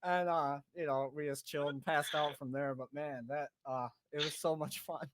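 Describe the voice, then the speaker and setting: A man's voice: fairly high pitch, fairly even intonation, normal speed, noisy background. A man hosting a podcast, telling a rowdy story in a casual way, swearing freely, laughing and acting out his friends' voices. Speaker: podcast host.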